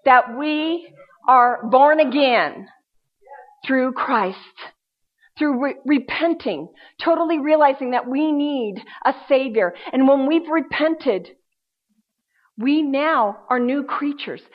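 A woman preaching a sermon, swinging between loud emphasis and hushed, quiet passages. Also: high voice, animated, slow pace. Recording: dull lo-fi sound.

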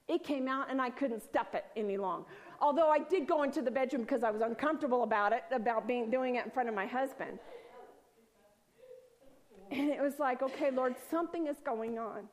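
A woman with a fairly high voice tells a personal spiritual testimony in an earnest, rambling way. She restarts her sentences often and sometimes sinks into a soft, hushed near-whisper. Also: a little fast. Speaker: speaker sharing a faith testimony.

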